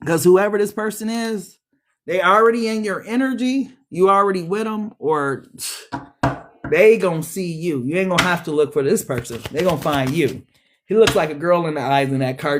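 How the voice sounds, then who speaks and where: A woman's voice: lowish voice, expressive, normal speed, a little hiss or hum. Blunt, profane woman reading tarot. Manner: blunt, profane, sassy slang. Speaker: tarot reader. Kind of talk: casual tarot reading livestream.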